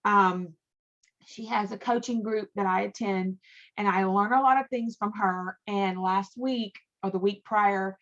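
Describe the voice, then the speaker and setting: A woman's voice: medium pitch, fairly even intonation, a little slow, a bit bright, highs cut off. A middle-aged woman leading a team training call, talking in a chatty, emphatic way that often repeats words for stress. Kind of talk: motivational training talk.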